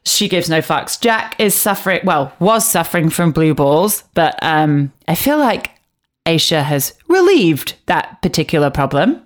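A woman's voice: deep voice, very animated, a little slow. Blunt, swearing woman gossiping casually. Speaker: podcast co-host recapping a reality show. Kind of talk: casual chat.

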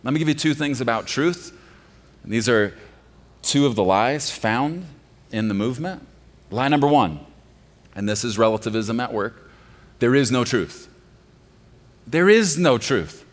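A male pastor preaches with strong emphasis, dropping to a hushed tone and then rising to loud, drawn-out declarations. His voice carries a long reverb, as if heard in a large church sanctuary. He sounds like he is at a middle pitch for a man. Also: lively intonation. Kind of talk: sermon.

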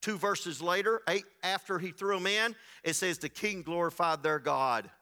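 A man preaching a sermon as pastor, telling a scripture story in an animated way, acting out its people and building to loud, rising passages. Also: sits high, moderate pace. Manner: acts out the voices of the people in the story.

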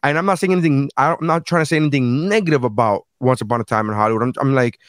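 A man hosting a casual streamed chat, rambling through his opinions with plenty of swearing and self-deprecation. His voice sits at an ordinary pitch and sounds dry and close to the mic. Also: racing, no room sound. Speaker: podcast host.

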